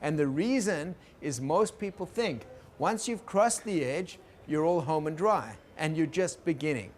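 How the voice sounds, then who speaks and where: Gentle man giving a lecture. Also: a little high, expressive, a little slow, a little hiss or hum. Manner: gentle, explaining, checks in with listeners. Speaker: teacher on conflict work. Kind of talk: recorded lecture.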